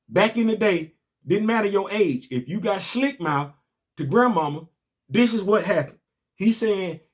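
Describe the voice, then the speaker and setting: A man, casually recapping a comic book and telling stories on his podcast. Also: high-pitched. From Southern US. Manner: animated, storytelling, rising to emphatic outbursts.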